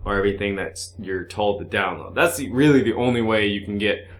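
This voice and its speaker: A man's voice: fairly low pitch, brisk, slight background noise. A man in casual, crude banter, blunt and profane, laughing a lot.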